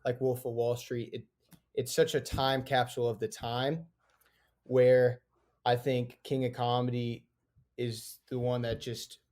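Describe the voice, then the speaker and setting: A man's voice: mid-range voice, little pitch movement, unhurried, a little mellow. A man co-hosting a podcast, casually explaining a film's premise and why it matters, with some restarts. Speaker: podcast co-host. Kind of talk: casual film discussion.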